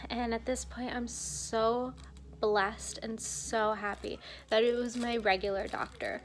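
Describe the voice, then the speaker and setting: A young woman vlogger telling a personal story in a casual, animated way, acting out what others said to her. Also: on the high side, a little slow, slight background noise. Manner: animated retelling, acting out quoted dialogue.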